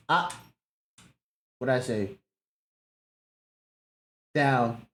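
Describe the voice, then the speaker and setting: A woman's voice: a bass voice, very slow, vocal fry. A woman streamer chatting casually and with lots of slang while she reacts live, scolding her dog between remarks. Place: home room.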